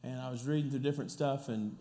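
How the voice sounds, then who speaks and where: A middle-aged pastor from the Kansas City area, telling a story in a sermon, chatty and animated with many restarts. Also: male voice, mid-range voice, fast.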